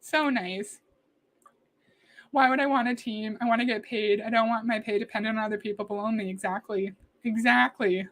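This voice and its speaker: Woman on a livestream reacting to a vid, chatty, answers the chat, voice a bit on the high side. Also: fairly even intonation, fast. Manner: chatty, answers chat comments and thanks viewers warmly. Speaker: livestream host reacting to a video. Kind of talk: casual livestream reaction commentary.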